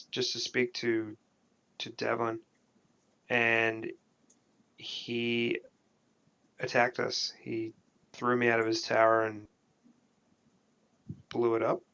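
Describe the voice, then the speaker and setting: A man's voice: medium pitch, creaky, sharp tone. A man playing his character in a tabletop game, speaking hesitantly with fillers and restarts. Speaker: player. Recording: dull lo-fi mic.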